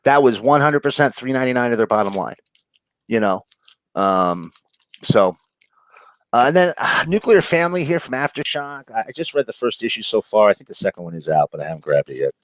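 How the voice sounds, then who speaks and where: A man's voice: mid-range voice, animated, a little fast, no echo, rough recording. A man from New York with a New York accent, chatting casually about comics with lots of fillers, profanity and laughter. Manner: rambling, profane, laughs often, many fillers. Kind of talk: casual chat.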